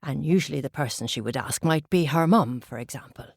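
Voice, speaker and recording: Low, husky woman telling a story. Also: dry recording, clean studio sound. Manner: slow, unhurried, gentle. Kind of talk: oral storytelling for children.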